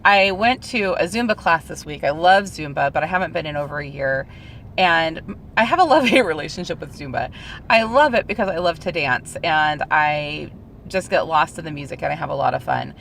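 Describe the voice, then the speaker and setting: A woman's voice: sits low, gravelly, a bit bright, a little hiss or hum. A woman co-hosting a casual podcast, telling a personal story in a candid, self-deprecating way. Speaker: podcast co-host.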